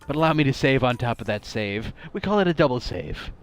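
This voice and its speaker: A very animated man in the middle vocal range comments fairly quickly on the game he's streaming, kidding around, laughing often and making mock-dramatic side comments. His tone comes across clear and resonant in this casual let's-play.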